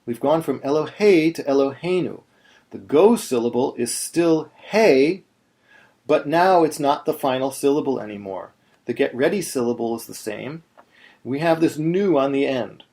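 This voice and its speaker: A man teaches Torah chanting in a video lesson, explaining each step and chanting slow demonstrations. His mid-range voice is animated and gravelly, with a slightly mellow quality.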